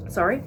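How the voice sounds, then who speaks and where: Excitable woman rambling about books, laughs a lot, soft music in the back. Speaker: book vlogger. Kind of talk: casual chat.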